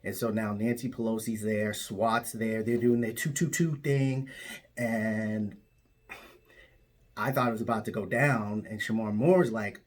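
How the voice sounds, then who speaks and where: Deadpan man telling a tall tale. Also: lowish voice, measured pace. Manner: absurd tall tale told matter-of-factly. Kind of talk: deadpan comic storytelling.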